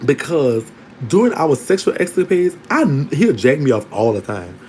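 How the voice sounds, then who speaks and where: A man telling a candid personal story to his online audience in a casual, animated way, often breaking into laughter. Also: on the high side, moderate pace, a little hiss or hum, low-quality recording. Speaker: storytelling vlogger.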